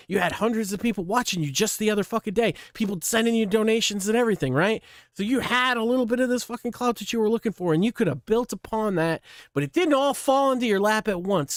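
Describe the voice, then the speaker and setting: A man with a high voice delivers a blunt, scolding rant full of swearing. The sound is dry and close, with no room around it. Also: no echo. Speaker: channel host. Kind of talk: profane ranting commentary.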